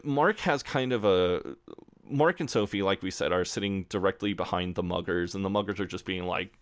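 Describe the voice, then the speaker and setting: A man with a low voice co-hosts a podcast at normal speed, the sound clean and studio-quality with no room echo. He chats casually while recapping a show, swearing freely and acting out characters' lines.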